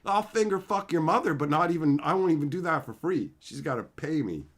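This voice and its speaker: A man's voice: on the high side, animated, a little fast. A young man hosting a livestream, ranting in a brash, profane, swaggering way. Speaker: livestream host. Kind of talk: casual livestream rant.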